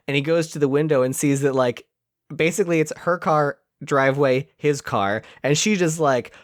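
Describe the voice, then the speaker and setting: A podcast co-host retelling a movie scene in casual chat, animated and laughing often. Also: medium pitch, no echo, clean studio sound. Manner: animated storytelling with frequent laughs.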